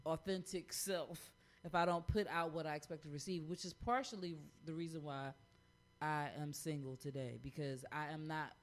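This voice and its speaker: A woman co-hosting a podcast, chatting candidly and laughing often. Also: deep voice. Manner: candid, laughing, quick to jump in. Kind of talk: casual podcast chat. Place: podcast studio.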